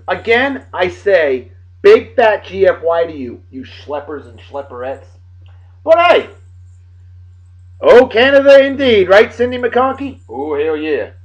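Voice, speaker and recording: A man hosting a daily beer and song show in a rowdy, casual way, loud and excitable, swearing and joking, swinging from shouting to muttering. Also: sits high, lo-fi sound.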